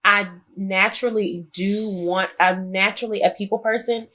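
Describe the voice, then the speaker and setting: Bright-voiced woman talking casually. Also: mid-range voice, fairly even intonation. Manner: reflective, halting with restarts. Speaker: podcast co-host. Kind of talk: casual chat.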